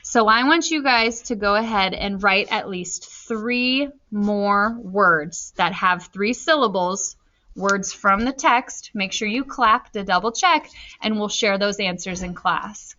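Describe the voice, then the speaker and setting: Slow, bright-voiced woman teacher. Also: medium pitch. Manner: slow, deliberate, spelling out answers while writing. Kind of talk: recorded reading lesson. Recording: slightly dull lo-fi recording.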